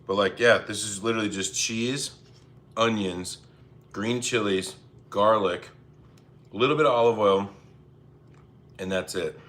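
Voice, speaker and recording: Bright-voiced man hosting a cooking stream. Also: lowish voice. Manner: chatty, laid-back, apologetic asides, reads chat. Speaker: cooking livestream host. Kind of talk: casual cooking livestream chat. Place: home kitchen.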